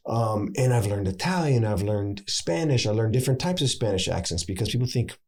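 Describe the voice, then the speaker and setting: An American man in his thirties, an actor and acting coach, chatting casually in an interview and telling animated stories. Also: a little fast. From United States. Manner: animated storyteller, swings pitch to make points.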